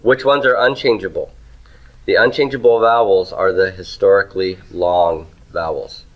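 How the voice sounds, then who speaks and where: A man's voice: sits low, normal speed, lo-fi sound. A man teaching Hebrew grammar in a classroom lecture, asking questions and answering them himself.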